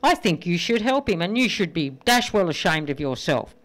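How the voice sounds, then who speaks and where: A radio host voicing an indignant married woman scolding her husband in a joke, pitched high. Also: very animated, normal speed, a bit bright.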